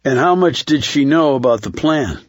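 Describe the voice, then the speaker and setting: A terse, probing detective, as a male narrator voices him, questioning in a level, even tone. The sound is dry and close, mid-pitched. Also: normal speed, dry recording, close to an everyday voice.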